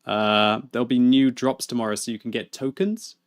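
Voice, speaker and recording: A man, chatting and laughing through live gaming stream commentary, with excitable outbursts. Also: mid-range voice, normal speed, clear, resonant tone. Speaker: game streamer.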